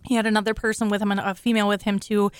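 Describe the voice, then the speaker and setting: A woman's voice: medium pitch, flat delivery, very fast, smooth, no echo. A woman hosting a studio talk show, chatting emotionally and laughing often as she thanks her rescuers. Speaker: show host, accident survivor. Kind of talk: grateful casual studio talk.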